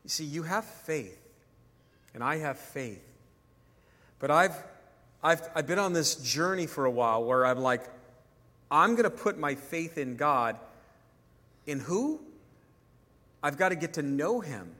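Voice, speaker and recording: A man's voice: a little high, lively intonation, unhurried, pauses often, a bit bright, in a large hall. A male pastor preaching a sermon in a conversational way, acting out dialogue when he tells stories.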